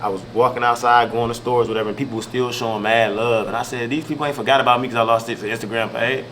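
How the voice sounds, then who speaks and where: A man's voice: mid-range voice, fairly even intonation, fast talker, fairly bright tone. A young man from Milwaukee, a comedian and online creator, talking casually in an interview with loose slangy storytelling and lots of fillers. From Milwaukee, Wisconsin. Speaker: comedian and social media creator. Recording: noisy background ambience.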